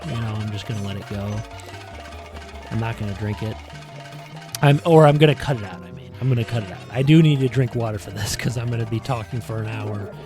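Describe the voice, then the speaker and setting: A man's voice: lowish voice, brisk, darkish tone, soft background music. A man hosting a podcast, rambling casually and filling his talk with "like" and "you know". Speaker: podcast host. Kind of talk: casual retrospective monologue. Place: in front of a green screen.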